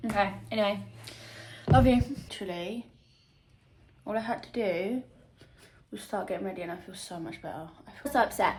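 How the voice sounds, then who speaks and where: A woman's voice: a little high, normal speed, pauses often, a little mellow, a little hiss or hum. A woman vlogger talking candidly to camera, emotional and confessional, often tearful and laughing between fillers. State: tearful at times. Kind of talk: candid personal vlog to camera.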